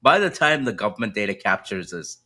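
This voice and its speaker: Bright-voiced man explaining market data. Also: fairly low pitch, sing-song, a little fast. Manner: explanatory, data-heavy, asks rhetorical "right?". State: coughing, slightly choked up. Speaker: co-host, macro strategist. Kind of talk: casual market podcast chat.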